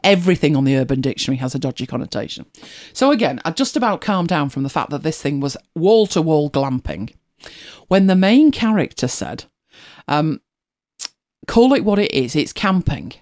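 A host chatting casually and retelling a TV scene, animated and laughing often. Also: medium pitch, moderate pace. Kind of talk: casual storytelling chat.

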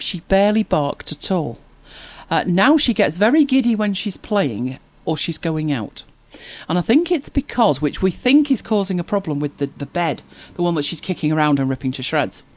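A woman's voice: lowish voice, darkish tone, dry recording. A woman hosting a casual chat show, telling anecdotes and reading viewer comments with frequent laughs. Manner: chatty, anecdotal, laughs often. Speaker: podcast host.

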